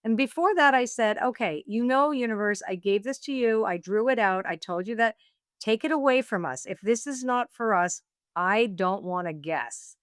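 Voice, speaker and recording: A woman being interviewed, telling a personal story in a lively, laughing way and acting out what she and others said. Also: on the high side, normal speed, clear, resonant tone, dry recording, clean studio sound. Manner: animated, laughing storyteller, acts out her own quotes. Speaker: guest, oracle deck author.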